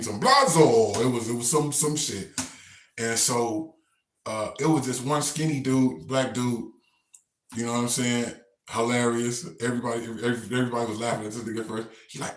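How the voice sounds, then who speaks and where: A man casually telling a story in relaxed slang, rambling and repeating himself. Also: medium pitch, normal speed, reverberant. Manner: laid-back, slangy, rambling.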